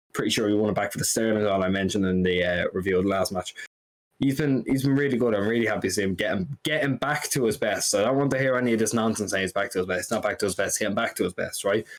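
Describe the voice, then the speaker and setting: A man, co-hosting a casual football podcast, rambling and animated as he talks through his opinions. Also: lowish voice. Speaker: podcast co-host.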